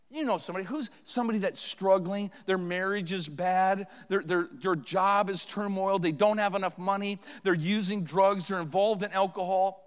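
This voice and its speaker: A middle-aged man preaching with a high, lifted voice. His words ring out into a church hall with a long, trailing reverb. He swings from loud declarations to soft, close questions. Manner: preaching with rising and falling intensity. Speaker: pastor. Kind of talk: sermon. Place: church sanctuary.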